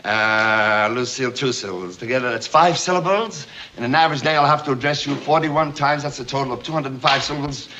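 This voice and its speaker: An actor playing a brash, fast-talking male bank executive obsessed with efficiency, barking repeated orders. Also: medium pitch, sharp tone, lightly acted. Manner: barking, repetitive rapid commands. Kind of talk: 1960s sitcom acting. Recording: dull old TV soundtrack with hiss.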